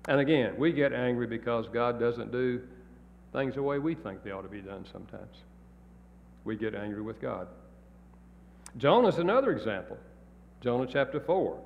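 A man's voice: mid-range voice, lively intonation, normal speed, creaky, pauses often. A married man preaching a sermon in a folksy, plain-spoken storytelling way. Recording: echoey hall, dull lo-fi sound.

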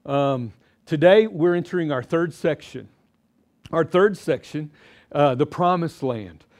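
A middle-aged man with a slightly high voice leads a live Bible seminar. He talks in a loose, chatty way, throws questions at the audience and acts out short quotes as he teaches. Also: expressive, measured pace, darkish tone.

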